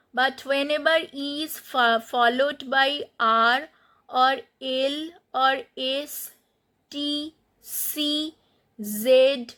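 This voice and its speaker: A woman's voice: high-pitched, pushed and bright. A woman teaching a French pronunciation lesson, spelling out letters and repeating each word for beginners. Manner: slow, spelling out letters and repeating words for learners.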